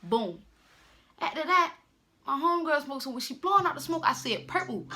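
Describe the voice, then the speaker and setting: Young woman telling a story, high voice, lots of slang and "boom". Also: very animated, a little fast. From Baltimore. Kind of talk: casual storytime.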